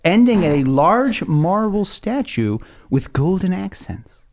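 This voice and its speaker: A fairly high-voiced man narrates a tabletop adventure as game master, his pitch swooping up and down as he describes each room. He talks in a relaxed, easygoing way over a podcast mic. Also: a little slow. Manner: laid-back, laughing, descriptive narration.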